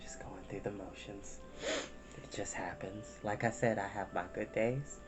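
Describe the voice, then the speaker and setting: A man hosting a storytime channel, talking candidly and emotionally to his viewers, soft-spoken and close to tears, with many pauses. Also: fairly low pitch, music in the background. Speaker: storytime reader. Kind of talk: candid personal talk to viewers.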